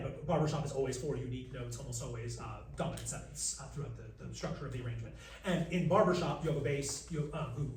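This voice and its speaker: A man leading a live masterclass for vocal coaches, lively and jokey, breaking into sung examples. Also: mid-range voice, recorded from a distance. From United States. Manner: lively, jokey, demonstrates by singing. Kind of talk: live workshop talk. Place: large room with an audience. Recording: roomy, from across the room.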